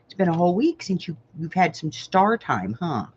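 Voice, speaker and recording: A woman's voice: fairly low pitch, sing-song, normal speed, slight background noise. An older woman hosting a casual crafting livestream, chatting, rambling through a story and greeting viewers by name. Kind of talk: casual chat. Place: home. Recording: slightly muffled home livestream audio.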